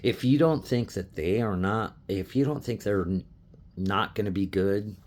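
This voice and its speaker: A man's voice: lowish voice, measured pace, darkish tone. A middle-aged man from Colorado, a sports fan, talking passionately to camera in an emotional rant, repeating himself, swearing, and getting choked up. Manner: impassioned, repetitive, swearing, restarts.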